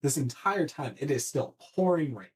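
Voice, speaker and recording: Animated man swearing through a story. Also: fairly high pitch, moderate pace. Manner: animated storyteller, swears freely, restarts often. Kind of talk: casual podcast chat.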